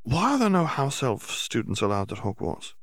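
Man voicing a teen schoolgirl, curious, eager, raised soft voice, gravelly edge, dry recording. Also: huge pitch swings, normal speed, no echo. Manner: questioning, softer and higher. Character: teenage girl student, curious, earnest, eager.

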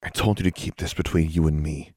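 A determined teenage girl in a storybook speaks coldly and firmly, voiced by a man in his own deep register. Her lines come out clipped and hard, close and dry on the mic. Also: fairly even intonation, brisk, mellow, no echo. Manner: clipped, firm.

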